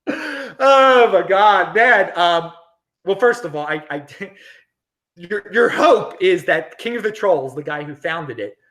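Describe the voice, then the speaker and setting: A middle-aged American man hosting a casual livestream, reading viewer comments in an animated, chatty way with frequent laughs and restarts. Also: sits high, slow pace. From United States. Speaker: crypto livestream host.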